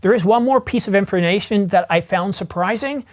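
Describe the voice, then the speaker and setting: An eager camera vlogger who talks straight to the viewer in a loose, rambling way. The voice sits at an ordinary middle pitch and keeps circling back as they think aloud. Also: brisk. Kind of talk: casual vlog commentary.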